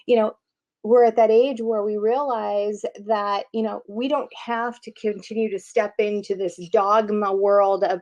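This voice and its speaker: A woman in her fifties hosting a casual spiritual talk show, playful and animated, with many "you know"s. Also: mid-range voice, unhurried. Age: 50s. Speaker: host. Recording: dull lo-fi audio.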